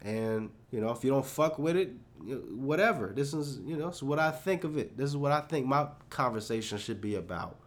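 A man's voice: medium pitch, animated, brisk, few pauses. Rambling profane young man, solo podcast. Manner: rambling, profane, self-deprecating, filler-heavy. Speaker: podcast host.

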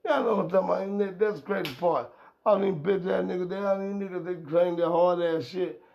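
A middle-aged man rants on a podcast, heated and profane, his talk rambling from point to point. His voice sits high for a man. The recording is dull and lo-fi. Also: steady tone, brisk, creaky, slight background noise. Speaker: podcast host. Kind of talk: profane ranting commentary. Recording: dull lo-fi sound.

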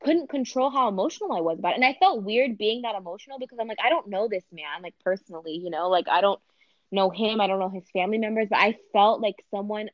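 Young woman, casual podcast chat, animated and chatty, mid pitch, slightly muffled sound. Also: fast talker, dry recording.

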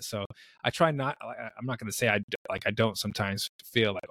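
A man's voice: mid-range voice, quick pace, fairly bright tone, dry recording. Easygoing rambling male podcast co-host. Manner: easygoing, rambling, acts out quotes. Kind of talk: casual chat.

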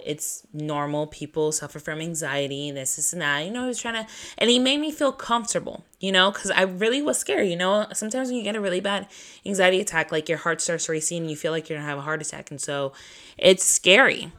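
A woman's voice: mid-range voice, fast talker, a bit bright. A woman hosting a podcast who tells a personal story in a casual, chatty way. She swears freely, leans on "like", and laughs at herself between lines. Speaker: podcast host.

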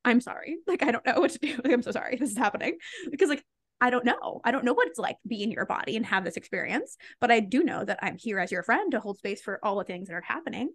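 Fast-talking chatty young woman. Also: on the high side, expressive, breathy edge, dry recording. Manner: rambling and candid, heavy filler words, laughs often. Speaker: podcast guest. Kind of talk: casual conversation.

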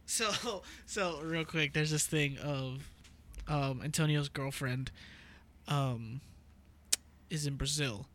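A man's voice: a little high, slow, long pauses, fairly bright tone, a little hiss or hum. A man in casual chat, laughing often and stammering through comic bits.

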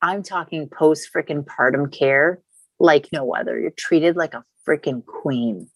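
A chatty woman in her thirties tells a long personal story with casual swearing. Her voice sits low and the sound is dry and close, with no room around it. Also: a little slow, vocal fry, husky, no room sound, poor audio. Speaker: podcast guest.

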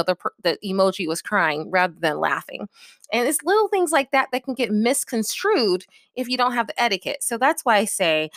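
A woman's voice: mid-range voice, a bit bright, no echo, studio quality. Direct, coaching woman giving advice. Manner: direct, coaching, often checks in with "okay?". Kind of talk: casual advice talk to camera.

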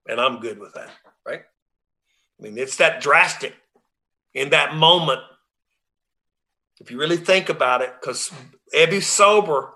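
A man's voice: fairly high pitch, sharp tone. A man leading a reading group, reading passages aloud and then explaining them in an emphatic, conversational way. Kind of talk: reading aloud and commenting on a text.

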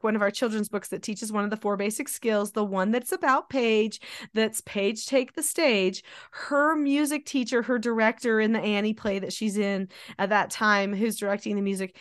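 A woman in her forties, a mother and host, talking in a chatty, animated way and acting out quotes. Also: medium pitch, moderate pace, no echo, clean studio sound. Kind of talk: casual conversation.

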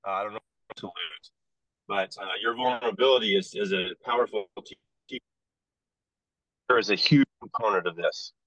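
A man co-hosting a coaching podcast, earnest and measured as he lays out his ideas. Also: on the low side, fairly bright tone, no echo, low-quality recording. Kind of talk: reflective podcast talk.

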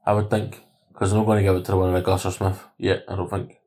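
A man's voice: deep voice, level tone, fast talker, dark tone. A man in casual sports chat, chatty and keen, co-hosting a podcast. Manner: chatty, keen, quotes records. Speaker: podcast co-host.

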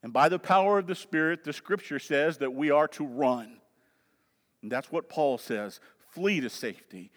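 High-voiced Southern preacher in a reverberant hall. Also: male voice, moderate pace. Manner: emphatic preaching, swings between loud urging and low asides. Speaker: pastor. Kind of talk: sermon.

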